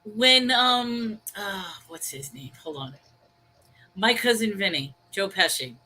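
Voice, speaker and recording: A woman's voice: mid-range voice, animated, slow, bright, forceful tone, slight background noise, poor audio. A woman co-hosting a casual chat over a video call, telling stories and laughing easily. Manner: chatty, storytelling, laughs easily. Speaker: co-host.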